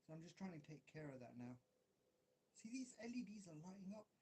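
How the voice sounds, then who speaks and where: A man's voice: fairly high pitch, big pitch swings, fairly quick, dark tone, slight background noise. A man with an English accent who grew up in Derby, rambling casually and mocking himself as he solders, swearing often and restarting his sentences. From England, grew up in Derby. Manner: self-mocking, swears a lot, many restarts. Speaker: hobbyist video maker.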